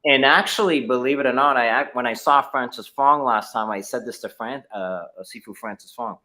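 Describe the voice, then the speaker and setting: A man's voice: mid-range voice, moderate pace, sharp tone. A middle-aged man, a martial arts instructor, telling his story in a casual interview over a video call, with many fillers and restarts.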